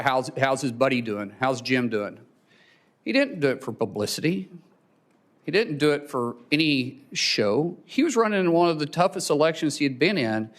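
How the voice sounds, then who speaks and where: Halting man giving emotional testimony. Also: mid-range voice, fairly bright tone. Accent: Oklahoma. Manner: halting, repeats words, chokes up when emotional. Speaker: nominee testifying at a hearing. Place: hearing room.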